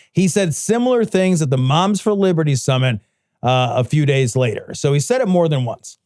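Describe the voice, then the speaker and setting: This is a man co-hosting a podcast, talking in a heated, profane way and laughing readily. His voice sits quite high for a man. The recording is dry and close to the mic. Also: expressive, normal speed, a little mellow, dry recording. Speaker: podcast co-host. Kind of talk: casual political chat.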